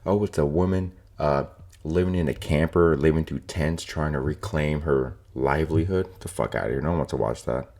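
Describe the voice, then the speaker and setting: A young man with an extremely low, dark voice rants casually on his own podcast. He is opinionated and profane, rambling through his points with plenty of filler words. The delivery is loose, like chatting to friends. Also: brisk. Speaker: podcast host. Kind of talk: casual solo podcast rant.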